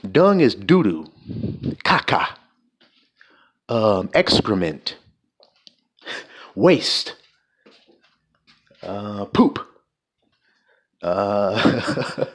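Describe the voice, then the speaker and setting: A man delivers an informal sermon in a somewhat deep voice. He talks bluntly and swears freely. He keeps throwing rhetorical questions at his listeners. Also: expressive, drawn-out words, long pauses. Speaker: preacher.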